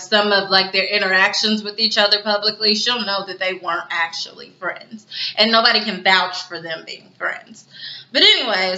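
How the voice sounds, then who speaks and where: A woman recaps a TV episode in a casual, animated way, slipping into the characters' lines as she retells scenes. Her voice is bright and sits a little high. The recording is roomy and somewhat dull, as if made on a basic mic in an echoey room. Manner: chatty, animated retelling with quoted dialogue. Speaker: TV episode reviewer.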